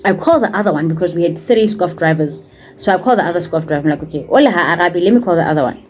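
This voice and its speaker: A woman's voice: on the low side, rapid-fire, slight background noise. A young woman with a Setswana-accented English, telling a personal story in a casual vlog and acting out what others said, slipping into Setswana phrases. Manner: animated retelling, acting out what others said, code-switching into Setswana. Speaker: vlogger and former teacher.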